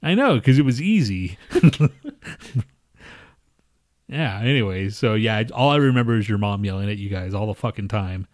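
A man's voice: fairly low pitch, animated, moderate pace, pauses often, darkish tone, no room sound, clean studio sound. A man co-hosting a podcast, chatting casually with lots of swearing, laughter and teasing. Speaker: podcast co-host. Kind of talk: casual crude banter.

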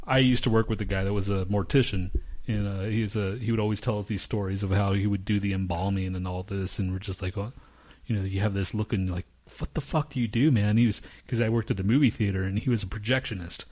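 A man's voice: on the low side, steady tone, fast talker, a little mellow. A man co-hosting a podcast in a studio, telling rambling, profane stories in casual chat. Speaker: podcast co-host.

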